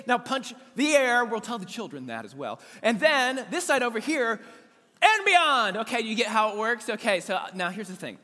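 High, bright, excitable man preaching. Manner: excitable, cheering the room into call-and-response. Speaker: pastor. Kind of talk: energetic sermon to a congregation. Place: church sanctuary. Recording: echoey church sanctuary with long reverb.

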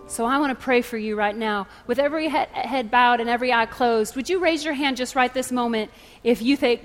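A woman's voice: fairly high pitch, normal speed, fairly bright tone. A woman preacher delivering an impassioned sermon, driving home her point with repeated rhetorical questions. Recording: reverberant hall with faint music. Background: faint music.

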